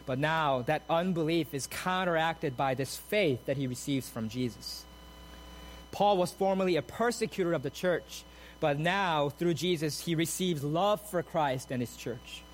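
A man preaching a sermon, moving from steady explanation of the text to emphatic, soaring repeated phrases. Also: a little high, a little hiss or hum, rough recording. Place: church sanctuary.

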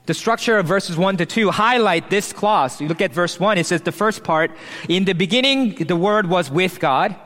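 A man's voice: sits high, a bit bright. Man preaching a sermon in a reverberant hall. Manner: earnest preaching with emphatic pauses and restarts. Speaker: pastor. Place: church hall.

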